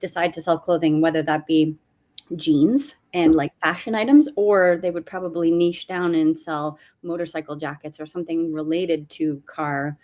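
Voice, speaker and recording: Low-voiced woman co-hosting a webinar. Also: steady tone, darkish tone. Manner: quick to back up her partner with agreeing murmurs. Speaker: co-host of a live business webinar. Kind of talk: casual live-stream conversation.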